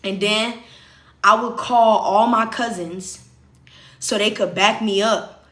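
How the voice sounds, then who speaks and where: Young woman, casual livestream chat, rambling, talks to viewers, bright tone, echoey room. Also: mid-range voice, steady tone, slow pace. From Southern United States. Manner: chatty, rambling, addresses viewers as y'all. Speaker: streamer. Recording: roomy echo.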